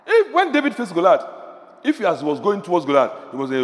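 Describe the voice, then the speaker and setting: Male preacher, high animated voice, fervent, soft-to-shouting delivery, reverberant hall. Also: fast talker. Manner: fervent, swings from murmurs to shouts. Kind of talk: sermon.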